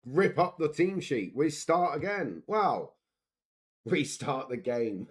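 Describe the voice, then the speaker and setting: A man's voice: fairly high pitch, big pitch swings, takes it slowly, breathy edge. A man streaming a football management game, giving casual live commentary and cheering and groaning at the screen.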